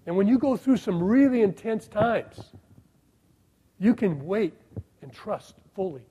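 A middle-aged male pastor with a fairly high, mellow voice. He preaches in a sermon style, firing rhetorical questions at his listeners and swinging from loud, stressed phrases to soft, hushed ones. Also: lively intonation, measured pace, breathy edge, low-quality recording.

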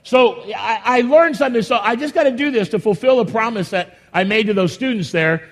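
High-voiced enthusiastic man preaching. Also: a little fast. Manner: folksy, rambling, enthusiastic with restarts. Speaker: pastor. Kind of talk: church announcements and sermon. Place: church sanctuary.

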